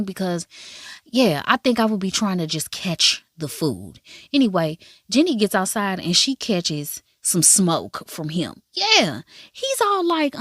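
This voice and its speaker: A woman's voice: no room sound, studio quality. Chatty, profane woman recapping a drama. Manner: chatty, profane and animated, jumping to a high voice for asides. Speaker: drama reviewer.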